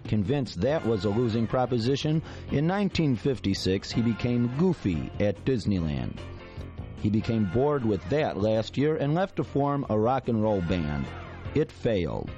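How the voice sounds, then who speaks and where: A man's voice: mid-range voice, mellow, lightly acted. A man voicing a parody radio countdown host with a mock announcer delivery.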